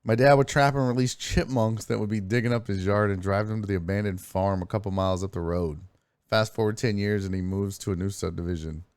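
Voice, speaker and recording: A man's voice: fairly low pitch, fairly even intonation, fairly quick, a little mellow, clear, resonant tone, no echo, clean studio sound. A man hosting a sports live stream, chatting casually, telling stories, reading chat messages aloud and swearing freely. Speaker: sports streaming show host.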